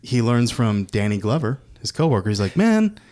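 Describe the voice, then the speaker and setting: Man, low pitch, podcast co-host, casual film chat, acts out quotes. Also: a little fast, darkish tone. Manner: acts out film lines in raised voices.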